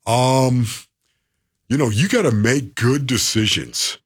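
Husky, playful sports talk host. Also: male voice, on the low side, big pitch swings, moderate pace. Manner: playful, theatrical, rattles off lists.

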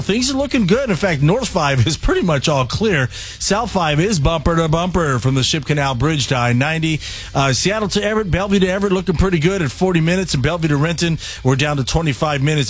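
A man reading a radio traffic report, briskly listing routes and travel times. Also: on the high side.

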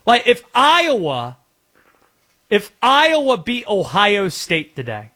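A man's voice: sits high, huge pitch swings, slow, bright, forceful tone. A man hosting a sports talk radio show, sarcastic and mocking in an opinionated rant.

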